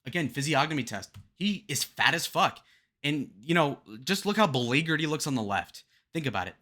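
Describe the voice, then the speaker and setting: A young man reacting to debate footage in a profane, mocking rant, as if talking straight to his viewers. His voice is a touch high, swings widely in pitch and has a bright, sharp edge. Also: lively intonation, brisk. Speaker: political commentary host. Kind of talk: reaction commentary on debate clips.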